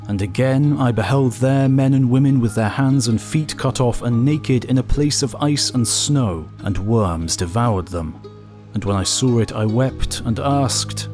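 A man giving a scripted reading of archaic scripture in a slow, solemn manner. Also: medium pitch, darkish tone, faint music behind. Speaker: reader.

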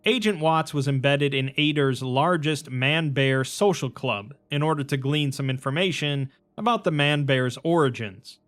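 A man's voice: on the high side, moderate pace, few pauses, fairly bright tone. A man giving a scripted, matter-of-fact narration that retells a story.

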